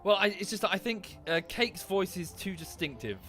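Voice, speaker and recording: A streamer with an Estuary English accent chats casually while gaming, thanking viewers by name and thinking out loud, with soft music in the background. His voice is high, expressive, bright and forceful, at a moderate pace.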